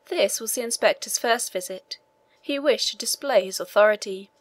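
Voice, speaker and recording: A woman narrating an audiobook of a classic novel in a measured, even reading. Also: a little high, dry recording. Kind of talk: scripted narration.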